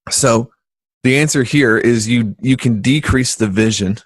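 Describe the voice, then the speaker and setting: A man co-hosting a business podcast in a casual, joking chat, animated and quick to poke fun. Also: medium pitch, no echo. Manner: animated, joking, jumps into voices when quoting people. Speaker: podcast co-host.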